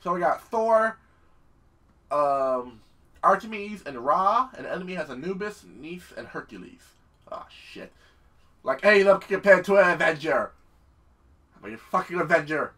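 A young man giving loud, hammy gameplay commentary, shouting catchphrases and swearing, with game music behind. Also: high-pitched, expressive, a little slow, pauses often, distant mic. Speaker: gameplay streamer.

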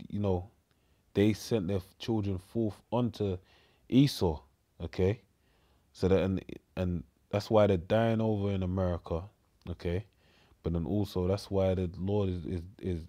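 Male preacher, Cockney accent, low dark voice, rambling scripture talk. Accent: London Cockney. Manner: rambling, repeats words, says "man" and "mate" often. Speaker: street preacher.

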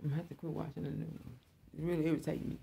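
A woman's voice: low voice, flat delivery, rapid-fire, vocal fry, dark tone, breathy edge. A woman hosting her own online show, giving a blunt, profane opinion monologue and repeating her points.

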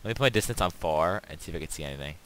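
A man's voice: a bass voice, rapid-fire. A man hosting his game channel, chatting with a co-player and getting frantic when monsters show up. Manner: excitable, frantic in danger. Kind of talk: casual gaming chat.

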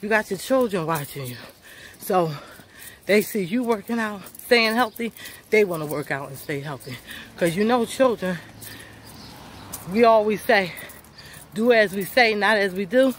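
A fitness vlogger walks a sunny neighborhood street, out of breath but chatty as she urges viewers to get up and move. Her medium-pitched voice is animated yet a little slow, with long pauses, and she calls people honey and y'all; there's a little hiss or hum on the recording.

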